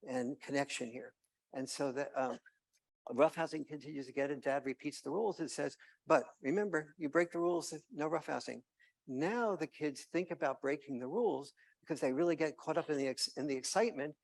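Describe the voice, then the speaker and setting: A man's voice: medium pitch, a little mellow. A man giving a conference keynote, telling anecdotes with hesitant fillers and restarts. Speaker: keynote speaker.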